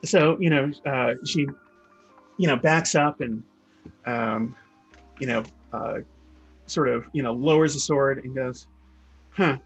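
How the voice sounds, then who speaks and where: A man's voice: medium pitch, measured pace, creaky, long pauses, husky, faint music behind, poor audio. A man narrating a tabletop game as game master, rambling and restarting often. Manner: rambling, full of fillers and restarts.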